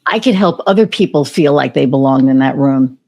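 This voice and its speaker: A woman with a very deep voice talks briskly as a podcast guest, recounting a personal story in a casual interview. She's animated, playing out the conversations she remembers, and her speech is full of fillers and restarts.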